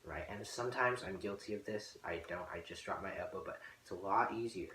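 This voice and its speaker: A man's voice: sits low, brisk, sharp tone, a little hiss or hum. Man singing rhythms in a cello lesson. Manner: sings rhythms aloud as "da, da", often checks with "okay?"; casual, apologetic asides. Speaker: cello teacher. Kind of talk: music lesson walkthrough.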